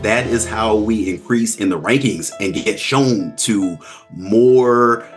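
A man's voice: fairly low pitch, slow, faint music behind. A man hosting a podcast in casual chat, laid-back, chuckling and poking fun at himself. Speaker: podcast host.

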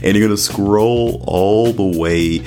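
A man's voice: on the low side, takes it slowly, dark tone. A young man hosting a podcast in a casual, jokey monologue, tagging his lines with "okay?". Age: young adult. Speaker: podcast host. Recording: music playing underneath.

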